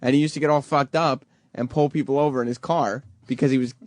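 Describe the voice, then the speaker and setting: A man's voice: mid-range voice, steady tone, fast talker, no room sound. A laughing, joking radio co-host man. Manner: laughs often, loose and joking. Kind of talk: casual crude radio banter. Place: radio studio.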